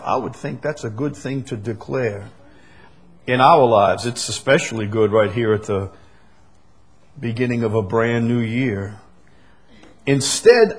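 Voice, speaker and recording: A man preaching a sermon as pastor, emphatic, repeating key phrases and swinging between loud declarations and soft asides. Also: mid-range voice, a little slow, pauses often, breathy edge.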